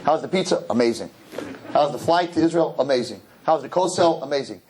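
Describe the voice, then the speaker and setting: A rabbi giving a humorous sermon to young people, telling stories and jumping into high, mocking voices. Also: male voice, brisk, a little hiss or hum. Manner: animated storyteller, jumps into high mocking voices. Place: synagogue hall.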